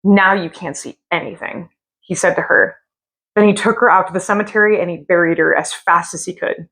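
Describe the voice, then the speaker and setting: A woman reading a scary story aloud from a hotel room, with slow, drawn-out dramatic delivery. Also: lowish voice, steady tone, a bit bright.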